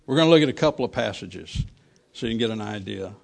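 A man preaching a sermon, reading old scripture verses slowly and then talking them over plainly with fillers and restarts. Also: fairly low pitch, animated, creaky.

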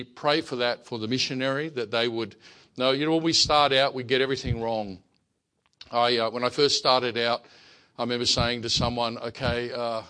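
A man's voice: mid-range voice, pushed and bright. A man with an Australian accent giving a sermon and telling stories about missionary life, often repeating words as he starts a sentence. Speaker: missionary preacher.

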